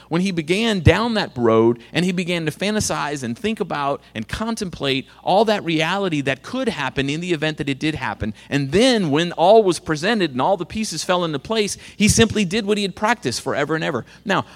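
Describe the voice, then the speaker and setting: A man's voice: a little high, long reverb tail. A middle-aged man, a youth pastor, preaching earnestly and directly to students in a school chapel, with sarcastic asides. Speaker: youth pastor and guest speaker. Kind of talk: sermon to students.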